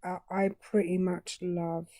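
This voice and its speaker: A woman's voice: lowish voice, little pitch movement, slow pace, dark tone, dry recording, clean studio sound. A woman co-hosting a casual livestream chat, teasing and wry. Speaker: co-host.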